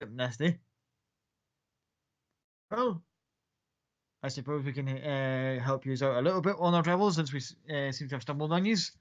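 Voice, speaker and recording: A man's voice: medium pitch, normal speed, long pauses, natural voice. A man voicing a big, boisterous hippo-man mercenary who talks in a hearty, swearing, folksy way. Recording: dull lo-fi audio.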